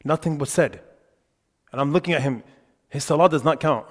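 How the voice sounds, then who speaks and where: In a reverberant mosque hall, a young male religious teacher with a slightly high voice gives a lecture on worship at normal speed. He's animated and emphatic yet conversational, using lots of filler words.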